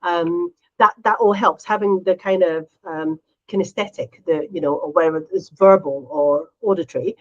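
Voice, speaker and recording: A middle-aged woman co-hosting a casual chat, animated, often acting out quotes in a higher voice. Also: moderate pace, few pauses, lo-fi sound. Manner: animated, acts out quotes in a high voice. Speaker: podcast co-host.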